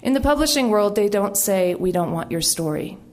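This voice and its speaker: A woman's voice: medium pitch, a little fast. Wry middle-aged woman telling a story. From United States. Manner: wry, animated storytelling with quoted voices and laughs. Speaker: author giving a talk. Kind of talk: storytelling talk.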